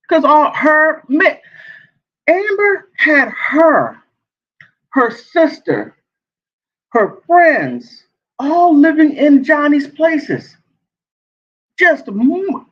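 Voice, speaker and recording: High, animated man dishing gossip. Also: slow pace, pauses often. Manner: sassy, animated, laughs often. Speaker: celebrity gossip vlogger. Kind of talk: casual commentary. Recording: dull lo-fi sound.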